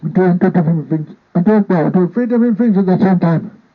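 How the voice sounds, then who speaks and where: High-voiced man rambling on a tinny line. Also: fast. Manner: repetitive, playful, talks to a partner off camera. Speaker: vlogger. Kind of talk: casual rambling vlog chat. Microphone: handheld microphone. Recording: tinny phone-like sound.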